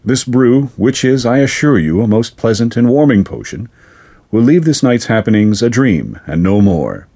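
A man voicing a courteous, sinister male fairy lord in a storybook reading, formal and measured. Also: mid-range voice, big pitch swings, mellow. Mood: courteous menace. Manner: formal, measured, silkily polite.

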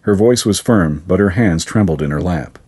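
A man narrating a fantasy story in a steady, even storytelling manner. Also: deep voice, normal speed, husky.

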